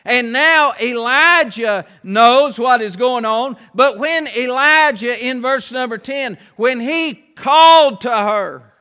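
A man's voice: very high voice, slow pace, few pauses, bright, forceful tone, smooth. A man preaching a sermon as pastor, telling a Bible story in a folksy way with many rhetorical questions, in a church. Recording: long hall reverb.

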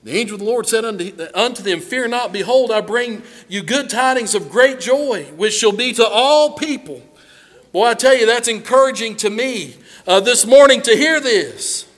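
High-voiced folksy preacher in a hall. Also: male voice, normal speed, a bit bright. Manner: folksy, addresses congregation members by name. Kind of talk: sermon.

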